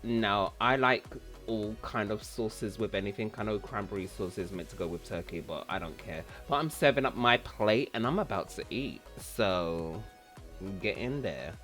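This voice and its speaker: A man's voice: fairly low pitch, lively intonation, normal speed, fairly bright tone, soft background music. A man hosting a casual cooking vlog, chatty and rambling, who repeats words for fun. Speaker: cooking channel host.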